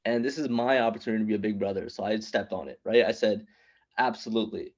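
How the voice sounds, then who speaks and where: A man in his thirties, an immigrant raised in New York City, telling a stand-up comedy story with punchy, animated delivery and quick asides to the crowd. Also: fairly low pitch, dull audio. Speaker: stand-up comedian at open mic.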